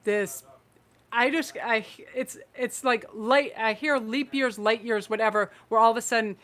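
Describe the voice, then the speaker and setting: A woman's voice: on the high side, steady tone, unhurried, a bit bright. A woman hosting a live-streamed tarot reading, effusive and emotional, rambling through her messages with restarts. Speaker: tarot reader and channel host.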